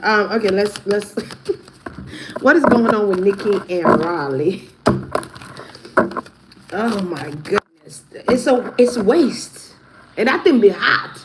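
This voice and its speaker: A woman's voice: mid-range voice, animated, slow pace, pauses often, very noisy. A woman vlogger giving blunt, profane gossip commentary, often breaking into laughter. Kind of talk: casual commentary.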